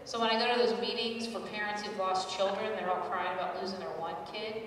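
A woman in her forties doing a stand-up set, telling wry, self-deprecating stories with loud acted asides. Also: mid-range voice, steady tone, fast talker, distant mic, slight background noise. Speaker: stand-up comedian. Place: live comedy stage. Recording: echoey hall, mic heard from afar.

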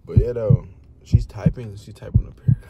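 A young man vlogging a prank, nervous and excitable, drifting from mumbled asides to loud outbursts. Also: lowish voice, normal speed, highs cut off, very noisy. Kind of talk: casual vlog narration. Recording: loud music behind the voice.

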